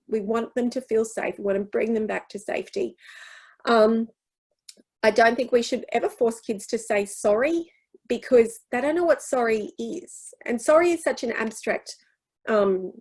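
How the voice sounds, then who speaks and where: A woman with an Australian accent speaking at a teachers' workshop, explaining child development and acting out gentle phrases to use with kids. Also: fairly high pitch. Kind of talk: workshop Q&A talk.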